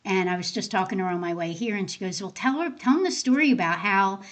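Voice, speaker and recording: Being interviewed as a guest, a woman who works as an end of life doula tells personal stories casually and conversationally. She's animated, acting out the dialogue she quotes, and talks fast in a medium-pitched voice.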